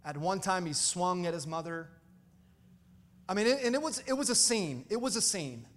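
A male pastor telling stories in a sermon, animated and calling out to the congregation. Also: high-pitched, moderate pace, big-room sound. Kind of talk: storytelling sermon.

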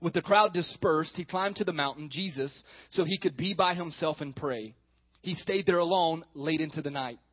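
A man preaching a sermon as pastor, animated, acting out the scripture dialogue he reads. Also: fairly high pitch, moderate pace, no room sound, muffled recording.

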